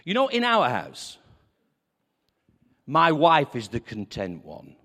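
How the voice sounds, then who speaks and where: A male preacher delivering a conversational sermon, acting out quoted dialogue with animated swings. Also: on the high side, slow pace. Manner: lively, conversational, acts out quotes. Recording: reverberant hall.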